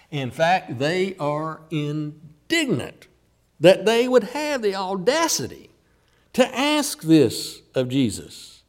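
A man preaching a sermon, retelling a scripture story with acted quotes and dramatic pauses. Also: a little high, darkish tone.

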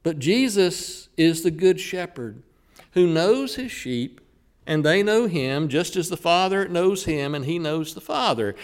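A man preaching a sermon, who slows down and leans hard on the words he wants to stress. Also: fairly high pitch, lively intonation.

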